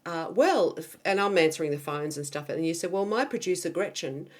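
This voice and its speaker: A woman's voice: low-pitched, fairly quick. A woman hosting an interview, telling anecdotes in a chatty, friendly way. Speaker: podcast host, interviewer.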